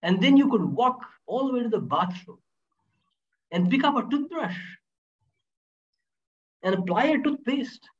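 High-voiced man telling a story. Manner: animated, laughs between points. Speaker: guest speaker on inner power. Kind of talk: storytelling interview talk. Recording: dull lo-fi audio.

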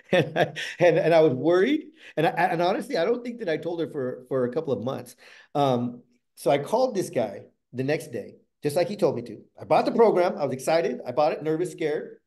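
A middle-aged man giving a motivational storytelling talk, animated and swinging from loud bursts to hushed asides. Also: a little high. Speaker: motivational speaker.

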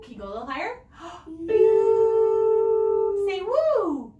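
A woman singing teacher coaching children in a studio lesson, encouraging them and modeling pitches for them to copy. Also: big pitch swings, quick pace, distant mic, highs cut off. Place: music studio room. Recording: echoey room, voice off-mic, loud music.

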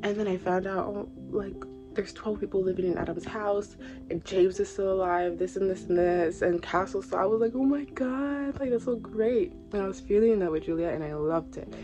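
A woman's voice: fairly low pitch, steady tone, fairly quick. Woman talking with a sore throat. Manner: chatty, retells her own reactions. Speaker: book reviewer. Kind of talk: casual vlog chat. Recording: clear music playing underneath.

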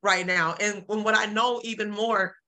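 A bright-toned woman on a casual panel chat. She speaks with heartfelt emotion, close to tears as she thanks everyone. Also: medium pitch, fairly even intonation, normal speed.

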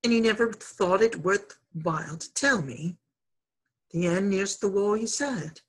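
A woman voicing a brave, sharp-tongued young male mongoose in a storybook reading, impatient and commanding. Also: medium pitch, unhurried, breathy edge. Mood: urgent.

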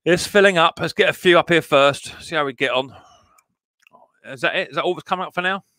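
A man talks casually to his live stream viewers, greeting them one by one and being firm about the rules. His voice is bright and forward. The sound is dry and close to the mic. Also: on the high side, a little fast, no room sound. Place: garden shed workshop.

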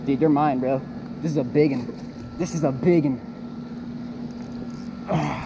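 A young man filming himself fishing outdoors, excitedly narrating his catches and repeating exclamations as he reels them in. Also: on the high side, measured pace, gravelly, long pauses, noisy background. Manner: excitable, repeats exclamations while reeling in fish. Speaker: fishing vlogger. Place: outdoors by the water.

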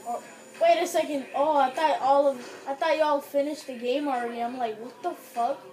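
A woman chatting casually with friends while gaming, loud and excitable, swearing freely. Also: high-pitched, normal speed, soft background music, poor audio. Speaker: gamer playing with friends.

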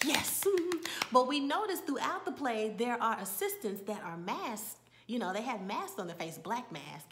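Woman casually recapping a TV episode. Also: mid-range voice. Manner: conversational storytelling with asides and drops to a whisper. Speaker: TV episode reviewer.

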